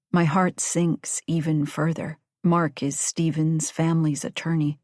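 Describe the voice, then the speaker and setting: Low-voiced woman narrating an audiobook. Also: flat delivery, a little slow, hardly any pauses, a little mellow, no echo, clean studio sound. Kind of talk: first-person audiobook narration.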